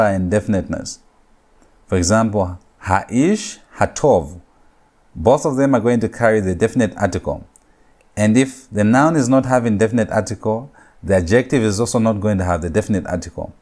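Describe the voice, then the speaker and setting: Low-voiced man giving a deliberate grammar lecture. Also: a little mellow. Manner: deliberate, repeats key points for emphasis; slows down to spell out Hebrew words. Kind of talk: recorded classroom lecture.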